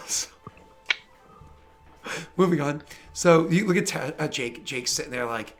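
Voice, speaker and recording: A man runs a tabletop game on stream. His voice sits a little high for a man. He rambles cheerfully, piling up fillers and asides. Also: expressive, measured pace, pauses often, faint music behind. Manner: chatty, rambling, lots of fillers and laughter. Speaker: game master. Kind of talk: running a tabletop game on stream, casual banter.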